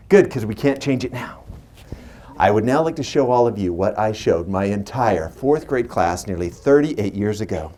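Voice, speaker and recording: Lively chatty magician telling stories. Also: male voice, fairly low pitch. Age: 40s. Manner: playful and chatty, teasing the audience. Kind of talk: live stage patter with storytelling. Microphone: stage microphone.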